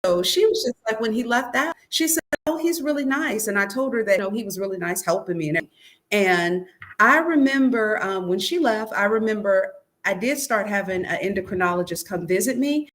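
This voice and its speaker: A woman's voice: medium pitch, lively intonation, brisk, a bit bright. Earnest woman recounting a hard memory. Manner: recounts events by quoting others, "he said" asides; earnest, searching, many restarts and "um"s. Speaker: author and guest. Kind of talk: personal storytelling in an interview.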